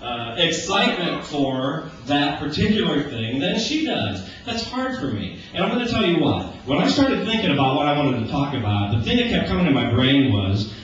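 A man in his forties preaching a casual, conversational sermon. He jokes and acts out everyday conversations in lively voices. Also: on the high side, normal speed, hardly any pauses. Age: 40s. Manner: animated and joking, acting out everyday dialogue. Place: church sanctuary. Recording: echoey church, distant, dull lo-fi with hiss.

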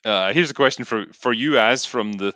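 A man's voice: mid-range voice, normal speed, pushed and bright, dry recording. A man hosting a casual chat, reading out viewer questions and swearing freely. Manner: profane, laughs easily. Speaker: host.

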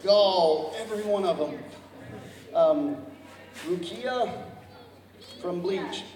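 A man's voice: high voice, slow, darkish tone. A man emceeing a cosplay contest live, joking and stumbling over contestants' names as he asks the crowd for help. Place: large convention hall. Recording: echoey hall, mic from far off, music and crowd behind. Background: music and a cheering crowd.

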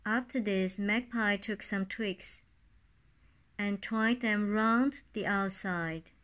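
Woman reading a kids story really slow, calm storybook voice, medium pitch.

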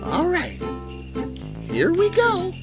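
Bubbly female Christmas tree mascot, voiced by a woman, slow and hugely swooping, coaxing the audience to join in. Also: very high-pitched, wildly swooping pitch, full character voice. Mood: playful. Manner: bubbly, giggly, sing-song, coaxing an audience. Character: cheerful female talking Christmas tree, jolly host. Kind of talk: children's show character voice. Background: jingle bell music.

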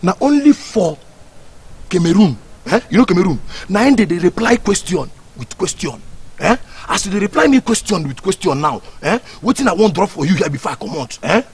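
An actor with a Nigerian accent playing a rude, mocking gatekeeper who talks down to a visitor in Pidgin. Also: male voice, sits high, sing-song, a little fast, husky, exaggerated voice. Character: rude young male gatekeeper, mocking and bossy.

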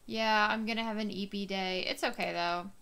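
A young woman streamer chatting casually while she plays, talking to herself, mocking her own mistakes and swearing with sudden loud outbursts. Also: mid-range voice, steady tone, normal speed, clear, resonant tone. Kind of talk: casual live-stream chat while playing a farming game.

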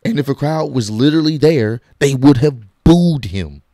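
A man talking casually in an opinion vlog, animated and slangy, acting out quotes in bursts. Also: mid-range voice, normal speed, dry recording, clean studio sound. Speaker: wrestling commentary vlogger.

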